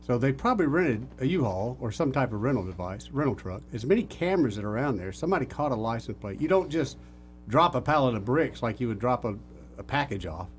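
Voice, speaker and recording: A man's voice: mid-range voice, very animated, quick pace, faint music behind. A man co-hosting a talk radio show, reasoning things out in a matter-of-fact way. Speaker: radio co-host. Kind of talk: casual talk radio chat. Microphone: studio mic.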